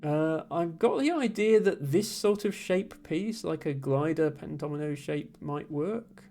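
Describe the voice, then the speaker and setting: A woman's voice: low-pitched, expressive, measured pace, mellow, soft background music. A woman from Somerset with a generic, slightly posh southern English accent, chatting casually on a stream while solving puzzles and thinking aloud. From Somerset, southwest England. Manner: rambling, thinks aloud, reads chat aloud.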